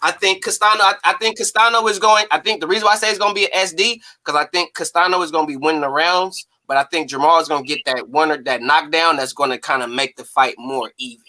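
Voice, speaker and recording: Bright animated man hosting boxing talk. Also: fairly high pitch, fast talker, hardly any pauses. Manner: animated, slangy, emphatic. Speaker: host. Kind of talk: casual boxing talk show.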